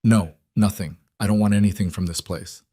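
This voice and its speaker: A frightened young woman voiced by a male narrator, hushed and halting, her voice lifted above the narrator's own. Recorded close and dry, like a storybook audio drama. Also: fairly low pitch, fairly even intonation, breathy edge, dry recording.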